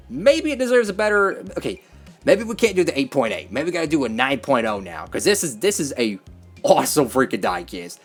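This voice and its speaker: An excitable man reviews a model race car in an easygoing, rambling way. His pitch swings up and down a lot as he gushes, and soft music plays faintly behind him. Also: brisk. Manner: enthusiastic, rambling with fillers and repeats. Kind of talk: casual product review.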